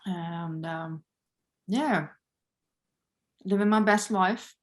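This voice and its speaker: A woman's voice: on the low side, extremely slow. A woman as a podcast guest, talking in an easygoing, casual way. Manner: easygoing, many "like" fillers. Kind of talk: casual interview.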